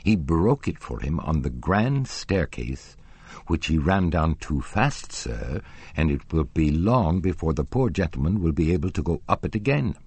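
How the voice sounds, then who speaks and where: A man's voice: very deep voice, very animated, measured pace, a little mellow, breathy edge, dry recording, exaggerated voice. A man voicing an indignant elderly female opera box-keeper, haughty and insistent, in an audiobook reading. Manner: haughty, insistent, gossipy storytelling.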